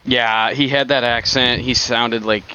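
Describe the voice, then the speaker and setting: Bright-toned co-host on a dull, hissy mic. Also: male voice, medium pitch, fairly even intonation, unhurried, clean tone. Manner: hesitant, lots of fillers and restarts. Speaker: podcast co-host. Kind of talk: casual podcast chat. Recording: dull lo-fi mic with faint hiss.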